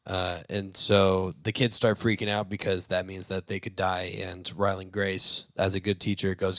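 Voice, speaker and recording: A low-voiced man retells a movie plot casually, tripping over his words with plenty of fillers. He laughs every so often, and his voice sounds close and dry, with no room echo. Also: level tone, moderate pace, hardly any pauses, bright, forceful tone. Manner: rambling, with many fillers and restarts; laughs while talking. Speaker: movie review show host.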